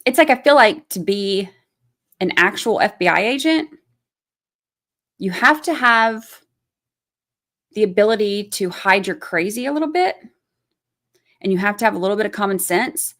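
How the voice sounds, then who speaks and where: Stream host, female, 30s, middle pitch; blunt, fired-up casual commentary with cursing and chat replies. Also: expressive, normal speed, pauses often, a bit bright. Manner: blunt, swears freely, ranting; reads chat names aloud and answers them. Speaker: true crime livestream host.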